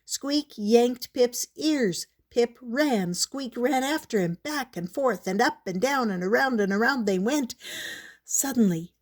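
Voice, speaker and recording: An older woman reading a children's picture book aloud in a gentle, measured storybook manner. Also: a little high, animated.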